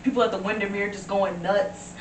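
Woman, twenties, animated storyteller, quick talker, roomy noisy recording. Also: medium pitch. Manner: animated storytelling, bursts into excited shouts. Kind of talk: casual chat. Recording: roomy, distant mic, noisy.

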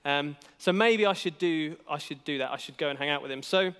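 A young man tells a light, self-deprecating story as a youth worker speaking to a church gathering. His voice sits a little high and rings out clear and smooth. A long hall reverb trails behind each phrase. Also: a little fast, fairly bright tone. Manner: self-deprecating, chatty, with many fillers and restarts. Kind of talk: casual storytelling sermon.

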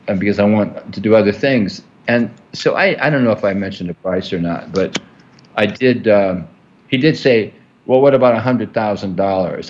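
A man's fairly low voice comes through lo-fi audio as he narrates a long story in an interview. His telling is rambling and conversational, with plenty of fillers and restarts.

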